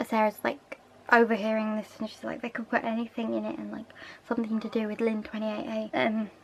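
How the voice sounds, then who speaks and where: A woman's voice: fairly high pitch, completely flat delivery, brisk, gravelly, slight background noise, rough recording. A young woman, casually recapping a TV episode with chatty asides. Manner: chatty, recounts scenes with quoted lines and asides. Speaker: TV episode reviewer.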